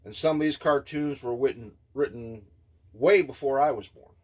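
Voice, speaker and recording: A man in his fifties giving an indignant, scornful opinion rant, blunt and halting, with many filler pauses. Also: mid-range voice, a little mellow. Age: 50s. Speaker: vlogger.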